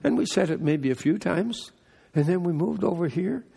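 An older man delivers a relaxed, chatty sermon full of joking asides. His voice sits a bit high, with a raspy, gravelly texture. The sound carries the long echo of a church hall. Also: moderate pace. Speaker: pastor. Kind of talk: conversational sermon. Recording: echoey hall reverb.

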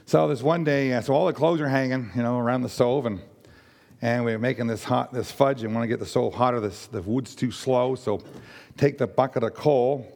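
An older man from Nova Scotia with a raspy voice, giving a rambling personal testimony to a church congregation with many fillers and restarts. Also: mid-range voice, moderate pace, darkish tone, long reverb tail.

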